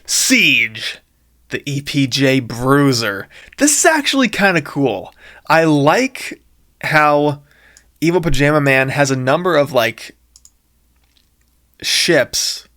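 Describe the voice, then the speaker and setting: A man's voice: mid-range voice, pushed and bright. A young man reading his own childhood book aloud with casual, wry commentary and asides.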